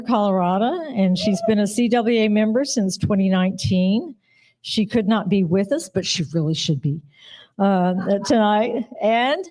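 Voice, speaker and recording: A woman's voice: medium pitch, a little mellow. A woman reading out award winners at a live ceremony, chatty and giggly, apologizing when she trips over names. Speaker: awards presenter.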